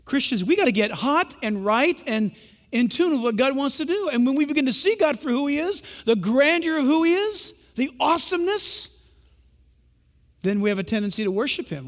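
Male pastor, sermon, very high voice, emphatic and direct with the congregation, long church reverb. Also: expressive, moderate pace, a bit bright.

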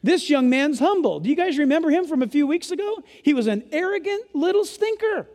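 Man preaching a sermon, very high voice, emphatic and at times yelling, long church reverb. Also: big pitch swings, brisk. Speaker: pastor. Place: church sanctuary during a service.

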